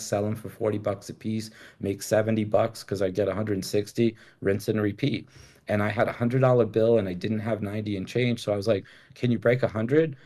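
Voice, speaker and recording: A man's voice: lowish voice, darkish tone. A middle-aged man from the United States, a guest telling rambling, candid stories in casual chat, swearing freely. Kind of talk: casual storytelling interview.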